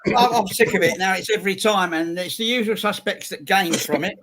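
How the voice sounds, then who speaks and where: A man's voice: high voice, brisk, noisy background. A man grumbling wearily during a casual football chat. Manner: weary, grumbling. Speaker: co-host.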